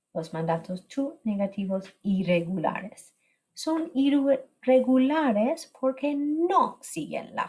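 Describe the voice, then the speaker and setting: A woman's voice: mid-range voice, a little mellow, breathy edge. A woman teaching a recorded slide lesson, explaining step by step and switching between Spanish and English.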